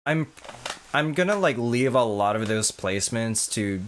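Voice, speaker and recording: A man's voice: mid-range voice, animated, a little slow, fairly bright tone, slight background noise. A man streaming a puzzle game, chatting casually and rambling through self-corrections with the odd swear. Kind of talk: casual gameplay commentary.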